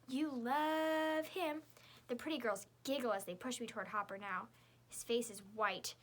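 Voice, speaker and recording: A woman narrating a children's chapter book in the first person, in a lively, girlish storytelling voice. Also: medium pitch, a little fast. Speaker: audiobook narrator.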